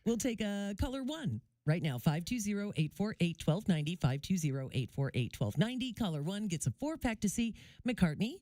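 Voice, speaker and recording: A woman's voice: mid-range voice, sing-song, fairly quick, few pauses, warm tone, no echo. A woman co-hosting a sports radio show, making playful puns and reading traffic and weather in a studio. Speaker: radio co-host and traffic reporter. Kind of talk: casual chat and scripted traffic read. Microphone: studio microphone.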